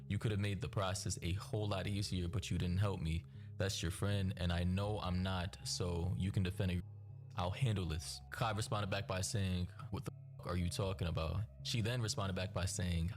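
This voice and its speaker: Deep-voiced man narrating over music. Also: a little mellow. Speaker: narrator of a news recap video. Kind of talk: scripted narration reading out text messages.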